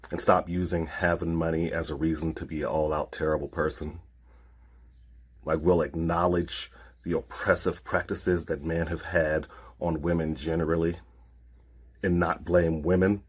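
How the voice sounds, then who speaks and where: A man's voice: low-pitched, husky. A man giving a dry, sarcastic monologue to the camera.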